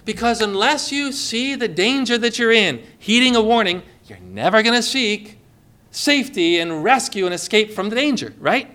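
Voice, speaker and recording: A man delivers an emphatic sermon in a high, bright voice. He drives his points home and slips into quick voices for the people in his stories. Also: animated. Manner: emphatic, acts out quoted voices. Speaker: preacher.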